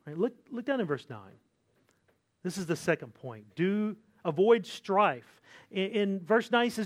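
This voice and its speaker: A man with a high voice preaches a sermon from the pulpit. His talk is conversational, and he keeps checking in with his listeners by asking "right?" as he goes. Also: expressive, unhurried. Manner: acts out complaining voices with sighs. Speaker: pastor.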